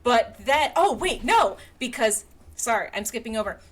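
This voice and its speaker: A woman's voice: on the high side, lively intonation, normal speed. A woman co-hosting a podcast, animatedly recapping a film in casual chat and acting out the characters' lines. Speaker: podcast co-host.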